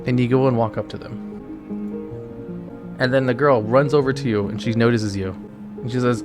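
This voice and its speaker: Man, mid-pitched, casual stream narrator, music bed. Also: steady tone, brisk, long pauses. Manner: casual, playful storyteller addressing chat. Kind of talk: live-streamed choose-your-own-adventure narration. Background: background music.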